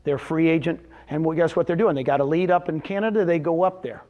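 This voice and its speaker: Talking fast in a higher voice, a man motivates a live real estate seminar audience with animated success stories and a barrage of rhetorical questions. The sound is lo-fi.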